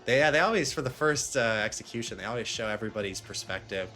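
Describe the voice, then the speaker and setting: A man's voice: fairly low pitch, lively intonation, quick pace, sharp tone, soft background music. A young man giving amused, chatty commentary while playing a game. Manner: chatty, amused, laughing asides. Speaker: let's play gamer.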